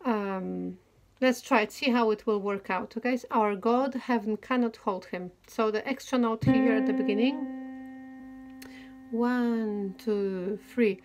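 A woman leading a singing lesson. She counts in the beats, sings phrases slowly and explains notes quickly between them. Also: on the high side. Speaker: singing teacher. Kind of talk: choir rehearsal, counting in and singing. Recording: loud guitar accompaniment.

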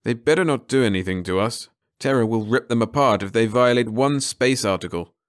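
A man's voice: mid-range voice, brisk, close to an everyday voice. A man voicing a blustering, heavy-set male businessman on a passenger spaceship.

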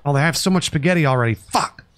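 A man's voice: fairly high pitch, fast, a bit bright. A man casually commenting on a live-stream of a store game, grumbling sarcastically, swearing often and talking to his chat and to the customers. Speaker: streamer playing a store sim.

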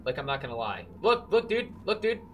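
An excitable gamer giving casual commentary on a horror game, chatting to the characters on screen and now and then bursting into loud yells. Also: medium pitch, a little fast, slight background noise. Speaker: let's play gamer. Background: background music beat.

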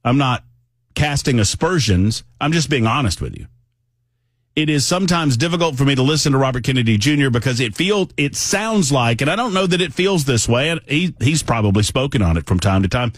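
A man's voice: mid-range voice, expressive, a little fast, dry recording, clean studio sound. A man hosting a political talk radio show, speaking in a conversational, emphatic monologue that often wanders off on tangents.

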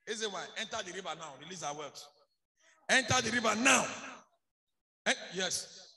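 A man with a Nigerian accent, a pastor leading a deliverance prayer session with repeated shouted commands. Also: high-pitched, expressive, normal speed. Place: church service. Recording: roomy church hall with faint music.

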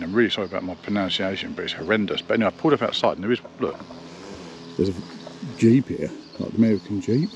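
A man's voice: sits low, fast, vocal fry, muffled recording, slight background noise. A man chatting casually to camera as a travel vlogger, rambling and self-deprecating. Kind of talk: casual vlog narration.

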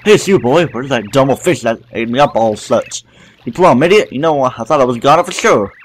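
A man's voice: medium pitch, expressive, brisk, slight background noise, pitched above the performer's own voice, natural voice. A man voicing an ornery little male bug monster in a game, with a brash folksy drawl. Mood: angry.

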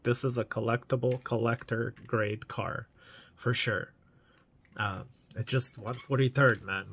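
A man with a gravelly edge to his mid-pitched voice talks through his collection. He is chatty and enthusiastic, rambling with plenty of fillers as he reviews toy cars for his viewers. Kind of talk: casual video review.

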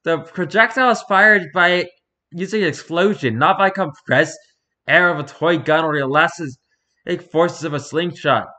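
A man reading internet posts aloud for comedy, with wry, dry asides and bursts of loud mock-arguing. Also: on the high side, normal speed.

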